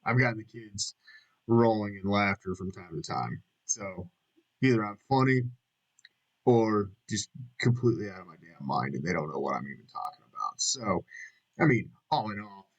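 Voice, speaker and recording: A man's voice: lowish voice, animated, normal speed, highs cut off. A middle-aged man rambling through a casual vlog monologue, jokey and self-mocking, with frequent swearing. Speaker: vlogger.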